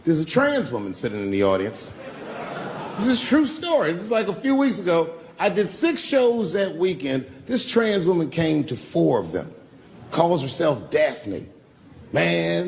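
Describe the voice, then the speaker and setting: Male stand-up comic on a club stage, gravelly voice, profane and loose storyteller. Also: on the high side, slight background noise. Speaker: stand-up comedian. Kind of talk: stand-up routine. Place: comedy club stage with live audience.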